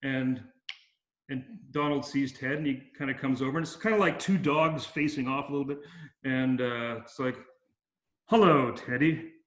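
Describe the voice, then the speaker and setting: A man's voice: medium pitch, normal speed, fairly bright tone. Guy rambling through a story, lots of ums and restarts, echoey room. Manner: rambling anecdotes with frequent fillers and restarts. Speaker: interview guest. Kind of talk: casual storytelling.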